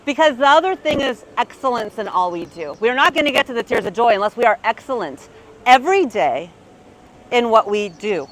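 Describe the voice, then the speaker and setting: A woman's voice: on the high side, brisk, a little hiss or hum, low-quality recording. Upbeat storytelling woman in her fifties. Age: 50s. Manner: lively, tag questions like "right?". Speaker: real estate agent. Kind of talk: motivational keynote storytelling. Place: conference stage.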